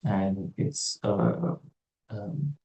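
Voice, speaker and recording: A man with a low, mellow voice gives a casual religious talk, thinking aloud and slipping in dry, sarcastic remarks. He sits back from the microphone, and the room adds a noticeable echo. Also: extremely slow. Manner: musing, digressive, with wry sarcastic asides. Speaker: religious teacher. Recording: roomy echo, distant from mic.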